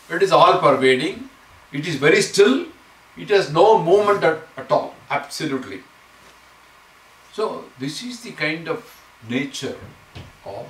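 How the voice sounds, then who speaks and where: A man's voice: medium pitch, a bit bright. A man leads a scripture class, explaining Sanskrit verses word by word. He sounds distant in an echoey room. A faint hiss runs underneath. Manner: explains Sanskrit verses slowly, chanting lines for students to repeat. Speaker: teacher. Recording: echoey room, mic far off, faint noise.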